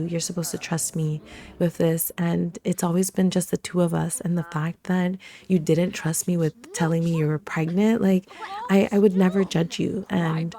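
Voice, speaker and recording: A woman's voice: lowish voice, warm tone, lightly acted. A woman voicing a young single mother in a life-sim game who scolds her daughter sternly and reproachfully.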